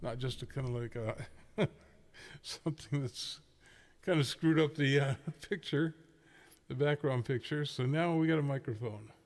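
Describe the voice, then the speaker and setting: A man's voice: medium pitch, normal speed, a little mellow, long reverb tail. A man hosting a livestreamed amateur radio net, chatting casually and rambling with frequent chuckles. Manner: chuckling, rambling, self-deprecating.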